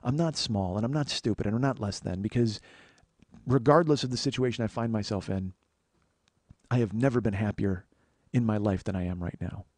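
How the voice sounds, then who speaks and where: Fast-talking, profane, earnest podcast man. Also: a little mellow, no echo. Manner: acts out quoted voices in a higher pitch. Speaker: podcast host. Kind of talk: solo storytelling monologue.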